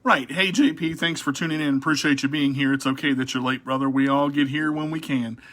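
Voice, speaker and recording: A man's voice: mid-range voice, fairly even intonation, brisk, fairly bright tone. A man hosting a casual radio interview, rambling with frequent restarts and repeated words. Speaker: radio show host.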